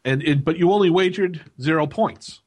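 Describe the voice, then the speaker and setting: A man's voice: a little high, normal speed. A man co-hosting a gaming podcast, teasing his co-host in casual banter with chuckles.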